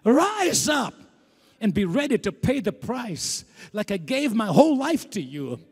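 A man preaching a fervent sermon, shouting calls to rise up and reading scripture slowly. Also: big pitch swings, husky. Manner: reads scripture slowly and drops low. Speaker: apostle preaching. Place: large church hall. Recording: long hall reverb.

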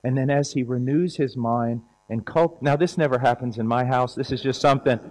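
A man preaches in a relaxed, conversational manner at an ordinary middle pitch. He tells everyday stories and acts out the people in them. It is unhurried, plain-spoken sermon talk. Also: low-quality recording. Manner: conversational storytelling, acts out scenes.

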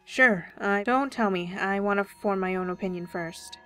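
A woman reading the part of a friendly male colleague, with brisk, offhand lines. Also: medium pitch, a bit bright, faint music behind, close to an everyday voice. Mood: casual.

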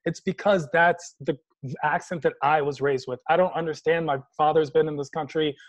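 A man from Washington, D.C., joins a video call as a panelist, his voice fairly high and his pace moderate. He's an animated storyteller who tells humorous stories and slips into mock voices in this casual panel talk.

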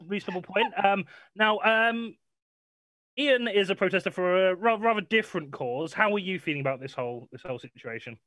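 A man hosting a comedy panel show, briskly bringing in each panelist with fillers. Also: sits high, fairly bright tone, no echo. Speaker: host.

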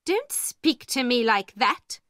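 Storybook villain: woman reading as a sharp, scolding headmistress, slow and high. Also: very animated, dry recording, studio quality, heavily acted. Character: stern strict woman headmistress.

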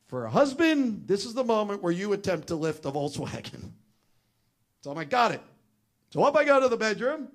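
A middle-aged man telling a family story as a talk, animated and acting out the voices of the people in it. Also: high voice, fairly quick.

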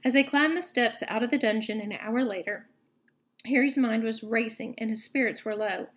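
Woman teacher, reading a novel aloud, expressive narration, fairly high voice. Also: moderate pace. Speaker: teacher reading to a book club.

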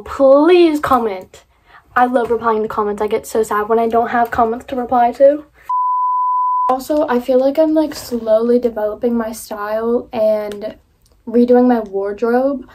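A young woman chatting casually to camera in a vlog, bubbly and excitable, full of "like" fillers. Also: a little high. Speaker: vlogger.

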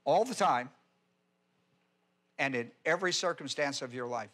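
A male pastor teaching a Bible passage in a sermon, slow and deliberate, repeating key words for emphasis. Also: mid-range voice, expressive, fairly bright tone.

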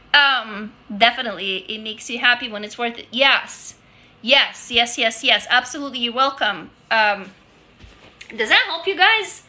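Lively intonation and normal speed mark this Russian woman, a native Russian speaker, as she livestreams from the couch of her home office, reading viewer comments off a handheld phone. Her voice is high and sharply bright, and she's candid, chatty, quick to restart and free with swear words.

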